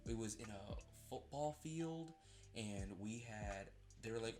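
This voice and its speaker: A man's voice: fairly low pitch, unhurried, faint music behind. A young man co-hosting a podcast, chatting casually and acting out what people said. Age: young adult. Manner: animated storytelling, acts out quotes. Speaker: podcast co-host. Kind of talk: casual chat.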